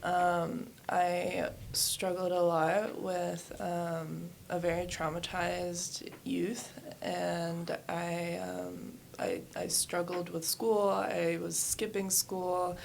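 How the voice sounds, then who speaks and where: Gravelly low-voiced woman telling her story. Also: level tone, extremely slow, few pauses, a little hiss or hum. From New Hampshire and West Virginia. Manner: candid, storytelling, many fillers. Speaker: guest, yoga studio owner. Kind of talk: casual interview.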